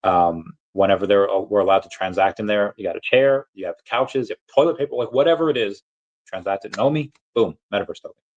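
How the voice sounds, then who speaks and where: A man's voice: lowish voice, fast, a little mellow, muffled recording. A young man hosting a casual livestream, reading chat aloud in a rambling, playful way and often stumbling over repeated words.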